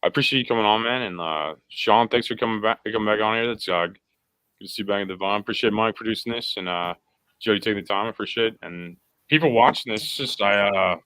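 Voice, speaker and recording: A man's voice: on the low side, quick pace, fairly bright tone, clean tone, no room sound. A middle-aged man hosting a podcast in casual chat, rambling and repeating himself. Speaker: podcast host.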